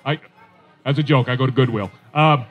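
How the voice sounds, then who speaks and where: A man's voice: medium pitch, normal speed, highs cut off, soft background music. A middle-aged man performing a stand-up comedy set, conversational and self-deprecating, with chatty asides to the crowd.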